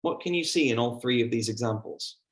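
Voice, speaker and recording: A man's voice: mid-range voice, expressive, a little fast. A man giving a teacher training workshop, speaking conversationally and acting out the questions he asks his class. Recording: echoey room.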